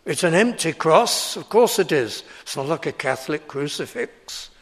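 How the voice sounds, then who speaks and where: A man in his seventies preaching a sermon in a slow, deliberate, emphatic way. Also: a little high, expressive.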